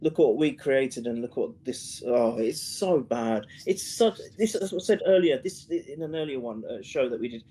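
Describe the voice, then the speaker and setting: A British man co-hosting a live review stream, speaking slowly and earnestly with halting restarts. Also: mid-range voice, animated, mellow, breathy edge, poor audio. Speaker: co-host.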